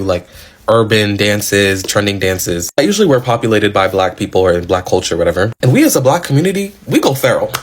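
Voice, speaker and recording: A man giving outspoken, animated commentary in a casual social media style. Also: mid-range voice, slightly rough.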